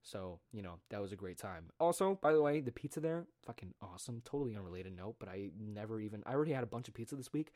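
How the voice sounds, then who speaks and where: A man's voice: lowish voice, lively intonation, fast, few pauses, darkish tone. A young man telling a story in a casual monologue, ranting with sarcastic, profane asides. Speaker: podcast host.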